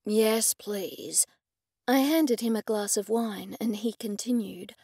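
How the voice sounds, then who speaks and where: A woman narrating a cozy mystery audiobook in the first person, steady and clear. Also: on the high side, normal speed, no echo. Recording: dry, close studio recording.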